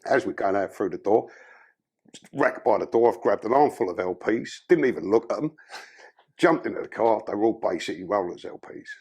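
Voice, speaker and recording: A man's voice: on the low side, lively intonation, brisk, a little mellow, breathy edge. A man from London with a London accent, a podcast guest telling his life story in blunt, profane, casual talk.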